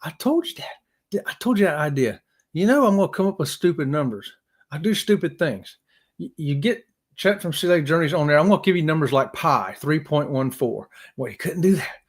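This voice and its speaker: A man's voice: fairly high pitch, lively intonation, fairly quick. A man hosting a live stream, chatting casually with viewers in an upbeat, joking, folksy way. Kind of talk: casual chat reading viewer comments.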